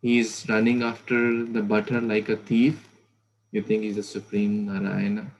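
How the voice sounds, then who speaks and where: A man's voice: on the low side, little pitch movement, unhurried, a little hiss or hum, low-quality recording. A man doing a doting mother, teasing, chatty, rhetorical questions, everyday voice.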